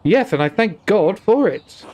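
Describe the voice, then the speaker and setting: A man's voice: sits high, expressive, measured pace, darkish tone, voice pushed up. A man voicing a young nun who survived an attack, reading her lines in a put-on Welsh accent. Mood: sorrowful. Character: traumatized young nun, quiet and guarded.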